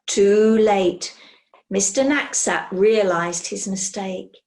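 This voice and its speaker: A woman reading a children's storybook aloud in an expressive way. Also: mid-range voice. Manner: slow, expressive.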